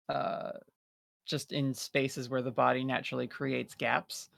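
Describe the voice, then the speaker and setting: A man's voice: mid-range voice, vocal fry, dry recording, clean studio sound. A player in a tabletop game, a man describing his character at length in a rambling, filler-heavy way.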